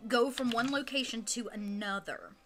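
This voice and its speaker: A woman guides players through a tabletop game, quick and enthusiastic. Her voice is bright and a little high. Faint music plays under the talk. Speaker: game master. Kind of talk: running a tabletop game, casual.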